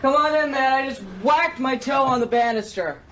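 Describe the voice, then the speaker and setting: A woman's voice: sits high, normal speed, a bit bright, a little hiss or hum, low-quality recording. A woman voicing a flustered young teen boy who sighs and makes excuses, played from a TV show. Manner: flustered, sighing, making excuses. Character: young teen boy greeting a visitor at home.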